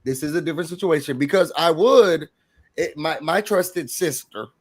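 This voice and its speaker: A man's voice: a little high, moderate pace. A man co-hosting a casual reality TV recap chat, playful and joking.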